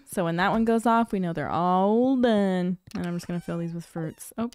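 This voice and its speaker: A young woman hosting a let's play, chatting casually and gushing warmly at her viewers. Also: mid-range voice, measured pace, hardly any pauses, slight background noise. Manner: bubbly, gushing, addresses viewers as y'all. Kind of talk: casual gameplay commentary.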